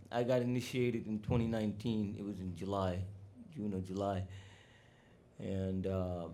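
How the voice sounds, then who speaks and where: At a memorial gathering held at a cow sanctuary in Florida, a man tells personal stories as a disciple, casual and chatty, full of fillers and acting out quoted dialogue. His fairly low voice is a little mellow, with slight hiss or hum.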